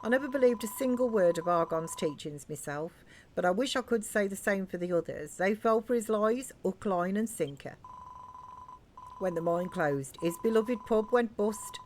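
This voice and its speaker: A woman's voice: medium pitch, animated, moderate pace, background noise, close to an everyday voice. A woman voicing a young Cockney woman, a pub landlord's daughter, blunt and cheeky in her slang. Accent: Cockney put-on. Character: chirpy Cockney barmaid's daughter, blunt and bossy.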